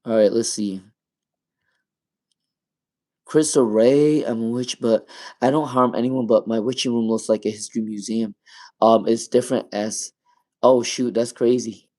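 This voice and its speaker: A man's voice: medium pitch, fairly even intonation, a little slow, pauses often, warm tone. Casual man reading tarot live. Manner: casual, repeats names and questions, laughs often while reading chat. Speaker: tarot reader.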